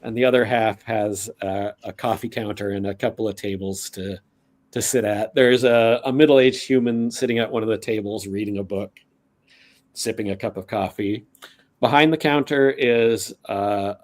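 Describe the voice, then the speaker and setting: A man narrating a tabletop game as game master, unhurried and rambling with many fillers. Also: mid-range voice.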